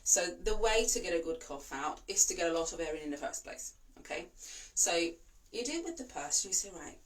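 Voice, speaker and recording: A woman, a voice and breathing coach whose first language is not English, giving calm, reassuring instructions and demonstrating slow breaths. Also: on the low side, distant mic. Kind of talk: instructional talk to camera.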